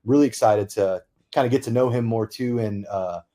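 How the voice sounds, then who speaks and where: A man's voice: on the low side, moderate pace, dark tone. Laid-back man rambling in casual chat. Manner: loose, rambling, many fillers like "like". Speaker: podcast co-host.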